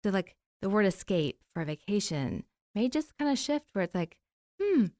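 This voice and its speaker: A woman's voice: medium pitch, big pitch swings, normal speed, a little mellow, no room sound, studio quality. A woman co-hosting a podcast in casual chat, an encouraging and enthusiastic listener. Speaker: podcast co-host.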